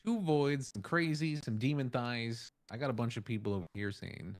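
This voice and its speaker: A man's voice: medium pitch, moderate pace, no room sound, studio quality. A man, a fellow streamer on a voice call, chatting in a friendly, easygoing way. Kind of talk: casual chat.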